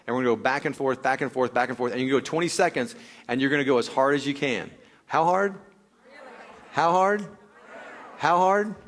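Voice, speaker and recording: A man speaking live to a crowd from a stage, explaining an exercise and coaching volunteers through it with shouted cues. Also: mid-range voice, very fast. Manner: energetic, coaxing, shouts workout cues. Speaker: wellness speaker leading a workout demo.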